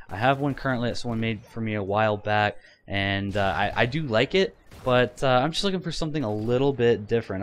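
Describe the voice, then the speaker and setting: A man in his twenties talking casually to viewers in a rambling vlog, with lots of fillers and restarts. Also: fairly low pitch. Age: 20s. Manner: rambling, many fillers and restarts, laughs often. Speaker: gaming YouTuber. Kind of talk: casual vlog talk over gameplay.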